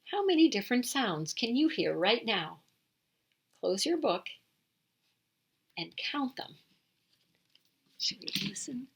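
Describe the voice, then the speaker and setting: A woman's voice: a little high, sing-song, takes it slowly, pauses often, breathy edge. A woman hosting a children's storytime, reading a picture book aloud, imitating animal sounds and asking the little listeners questions. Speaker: storytime host.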